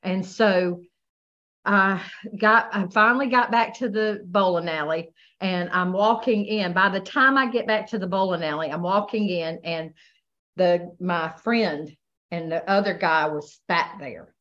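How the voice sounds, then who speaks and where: A woman with a fairly low voice recounts her personal testimony, stopping and restarting often. The recording sounds dull and lo-fi. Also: fairly bright tone. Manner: halting, many restarts and "you know". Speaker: guest sharing her testimony.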